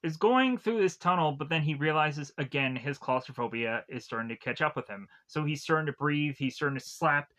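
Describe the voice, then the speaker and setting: A man's voice: fairly high pitch, pushed and bright. A man casually retelling a film's plot in a rambling way, full of fillers and restarts. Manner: rambling, filler-heavy retelling with quick acted quotes. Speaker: film reviewer.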